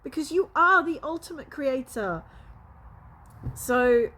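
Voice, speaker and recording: A woman's voice: high voice, animated, slow, pushed and bright. A woman, a spiritual coach, talking to camera in a casual vlog, passionate and emotional, laughing often and swearing freely.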